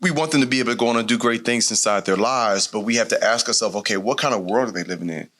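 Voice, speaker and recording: A man hosting a live podcast taping on a conference stage, telling a story in an animated way and acting out quotes. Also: fairly low pitch, fast. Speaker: podcast host.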